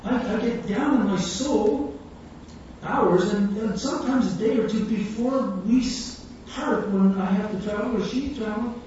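A man preaching a sermon, telling stories with animated quotes and frequent laughter. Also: high-pitched, a little slow, slight background noise. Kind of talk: sermon with storytelling. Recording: echoey distant hall sound, dull.

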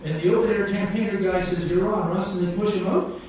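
A man's voice: high-pitched, steady tone, fast, darkish tone. A man preaching a sermon, telling a story with animation and acting out the voices of the people in it. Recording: echoey hall, distant mic, dull sound, faint room hum.

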